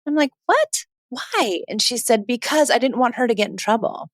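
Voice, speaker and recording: A woman in her forties hosting a parenting podcast, telling a family story in a chatty, animated way and acting out the quoted lines. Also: fairly high pitch, normal speed, no room sound, studio quality. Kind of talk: casual storytelling monologue.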